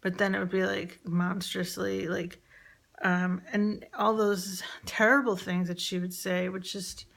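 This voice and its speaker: Woman, confessional personal story, halting with lots of fillers, vocal fry, level even delivery. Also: lowish voice. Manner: halting, many fillers and restarts; quiet, reflective, confessional.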